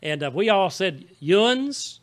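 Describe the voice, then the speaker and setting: Speaking at a normal speed in a church sanctuary, this male pastor from Southeast Missouri has a high-pitched, expressive voice with a fairly bright tone. His Southern Missouri accent colors a folksy, conversational sermon, and he checks in with the congregation often.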